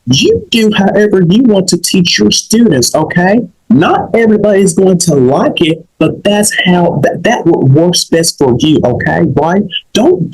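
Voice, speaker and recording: Young guy, kinda high voice, giving advice on his comedy show, preachy and emphatic, keeps asking okay? all the time. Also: low-quality recording.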